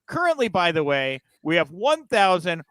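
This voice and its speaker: A man's voice: sits high, sing-song, normal speed, fairly bright tone, clear, resonant tone, dry recording. A man hosting a wrestling news podcast, chatting casually and giggling at his own rambling jokes. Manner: giggly, rambling, self-mocking. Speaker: podcast host.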